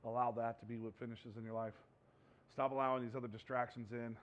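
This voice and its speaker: A man preaching a sermon as pastor, impassioned, swinging between hushed and loud delivery. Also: medium pitch, flat delivery, quick pace, lo-fi sound.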